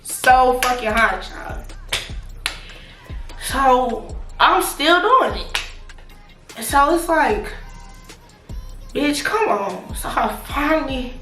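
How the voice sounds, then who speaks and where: Young woman, vlogger, bright tense voice, roomy echo, faint music, frank, profane storytime. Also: high-pitched, extremely slow, pauses often. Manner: frank and profane, talks straight to viewers; animated, laughs and drops to near-whispers. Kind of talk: casual storytime.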